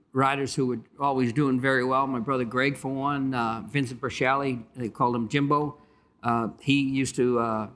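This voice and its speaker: A man, a retired jockey on a panel, telling stories and stopping often to pause and fill. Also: mid-range voice, a bit bright. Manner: storytelling with many pauses and fillers. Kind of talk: anecdotal panel talk.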